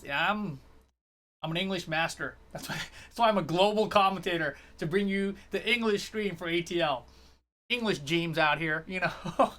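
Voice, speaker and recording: A man commentating a fighting game tournament on a live stream, talking fast in a rambling, jokey way and chatting to viewers. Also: high-pitched, a bit bright. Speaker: esports commentator.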